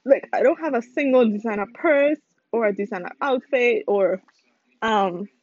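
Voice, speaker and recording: A woman's voice: a little high, moderate pace, darkish tone, no room sound, muffled recording. A young woman chatting casually to her viewers while eating, speaking straight to them on her phone. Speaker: vlogger. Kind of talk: casual chat to camera.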